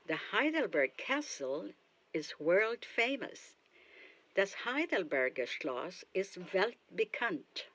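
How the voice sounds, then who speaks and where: Brief: female language teacher, unhurried and deliberate, repeats words so listeners can practise, dry booth sound. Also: medium pitch, no room sound. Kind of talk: slow, careful language lesson.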